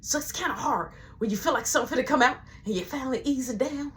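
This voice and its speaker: A young woman telling a story in casual chat, animated and acting out the voices of everyone involved. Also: high-pitched, fast talker, breathy edge. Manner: animated, acts out every voice, laughs along.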